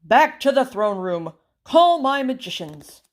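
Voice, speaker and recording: A woman reading a storybook aloud, voicing a commanding but easily flustered king who barks orders and frets loudly. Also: extremely high pitch, sing-song, unhurried, pitched above the performer's own voice, full character voice. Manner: bossy then flustered, loud exclamations. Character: fretful, commanding king, middle-aged man.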